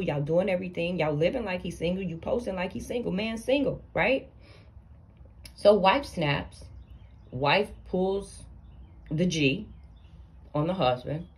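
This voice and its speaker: A woman with a lowish voice and tells a story to camera. She is blunt and sassy, and she lectures the people in the story as if they were in front of her. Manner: animated, blunt, sassy, addresses people directly. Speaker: storytime vlogger. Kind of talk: casual storytime commentary.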